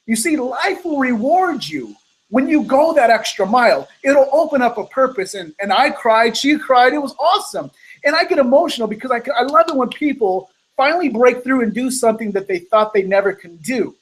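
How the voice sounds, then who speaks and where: A man's voice: lively intonation, brisk, low-quality recording. Guy hosting a weekly motivational call, tells stories and acts out the back-and-forth, voice jumps way up for quotes. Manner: acts out dialogue with big jumps in pitch. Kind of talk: motivational storytelling talk.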